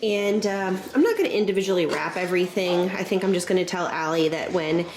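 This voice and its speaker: A woman's voice: lowish voice, a little fast, darkish tone. A woman in her thirties chatting casually to the camera at home as a family vlogger, gushing and talkative while she tells her kids what comes next. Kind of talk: casual vlog chat.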